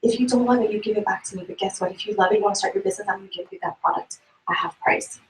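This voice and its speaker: A woman with a fairly high voice talks fast while giving a group a sales tip, asking them questions. She sounds distant from the mic in an echoey room with faint background noise. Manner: brisk, asks the audience questions. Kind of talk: motivational talk to a group.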